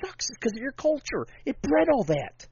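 A man's voice: extremely high pitch, big pitch swings, moderate pace, muffled recording, noisy background. A man in casual podcast chat, rambling and swearing freely with lots of enthusiasm.

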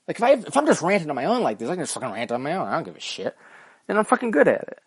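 A man's voice: fairly high pitch, sing-song, very fast, slightly rough, no echo. A man hosting his own podcast, rambling through a profane, self-mocking solo rant. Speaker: podcast host.

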